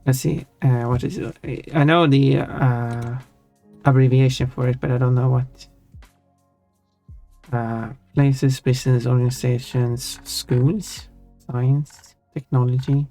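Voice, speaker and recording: A man's voice: medium pitch, fairly even intonation, slow, mellow, faint music behind. A man livestreaming while he draws, chatting casually and thinking aloud, often stopping to correct himself mid-sentence. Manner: rambling, thinking aloud with frequent self-corrections. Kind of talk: casual chat while drawing on stream.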